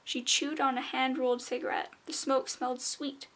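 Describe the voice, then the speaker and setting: A woman reading a children's fantasy book aloud in a measured, expressive way. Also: high voice. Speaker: audiobook reader. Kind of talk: storybook narration.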